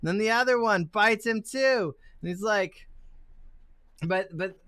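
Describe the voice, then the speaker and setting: A man's voice: high-pitched, unhurried, pushed and bright, no room sound. A man narrating a tabletop game as game master, loose and chatty, swearing casually.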